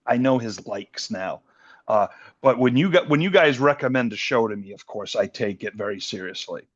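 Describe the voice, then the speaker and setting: A man's voice: mid-range voice, muffled recording. A man co-hosting a podcast, chatting casually about TV shows, rambling with restarts and laughing easily. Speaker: podcast co-host. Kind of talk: casual chat.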